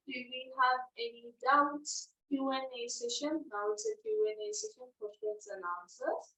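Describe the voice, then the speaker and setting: Brief: female phonics teacher, fairly high voice, emphatic repetition, heard from afar in a roomy space. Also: fairly bright tone. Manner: repeats sounds slowly and emphatically, asks "right?" often. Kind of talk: online phonics lesson. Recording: echoey, distant, dull lo-fi.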